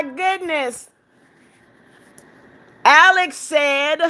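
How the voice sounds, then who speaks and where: This livestream host speaks in a high, unhurried voice while reading the live chat out loud. Warm and affectionate, she addresses viewers as darling and counts gifts aloud with laughter.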